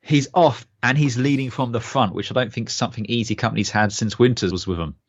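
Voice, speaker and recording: A man's voice: medium pitch, a little fast, dry recording, highs cut off. A young man co-hosting a podcast in casual chat, enthusiastic and rambling with many fillers. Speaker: podcast co-host.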